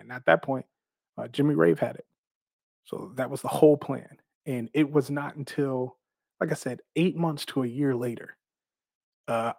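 A professional wrestler, a man, tells stories from his career in a casual, animated way, swearing freely and laughing between phrases. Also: mid-range voice, dry recording, clean studio sound.

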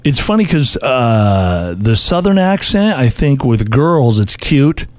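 A man's voice: mid-range voice, sing-song, slow pace, dry recording. A man co-hosting a casual talk show, joking and laughing often. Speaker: radio co-host. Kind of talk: casual chat.

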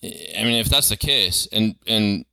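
A middle-aged man from Boston with a Boston accent, co-hosting a casual podcast chat in a jokey, animated way. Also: lowish voice, unhurried, vocal fry, no room sound. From Boston area. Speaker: podcast co-host.

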